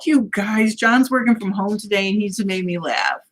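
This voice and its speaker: A woman's voice: medium pitch, moderate pace. A woman hosting a casual livestream from home, cheerfully greeting viewers by name and reading out their comments. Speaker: livestream host.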